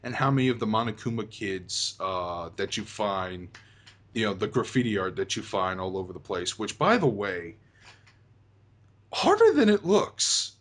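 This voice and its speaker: A young man hosts a casual talk about a video game, speaking in a fairly low voice. He rambles, trailing off into fillers and restarting his sentences often. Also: normal speed, a bit bright. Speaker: host.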